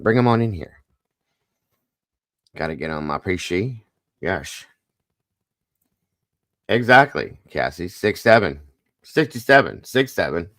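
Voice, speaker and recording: Male livestream host, lowish voice, dry close sound, rattles off viewer greetings. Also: a bit bright, no echo. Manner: upbeat, greets viewers by name one after another. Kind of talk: casual livestream chat.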